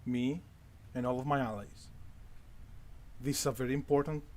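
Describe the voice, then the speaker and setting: A man's voice: medium pitch, fairly even intonation, normal speed, darkish tone, natural voice. A man voicing an evasive male schemer who pleads and insists while hiding his reasons, as a game master doing a character. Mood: pleading.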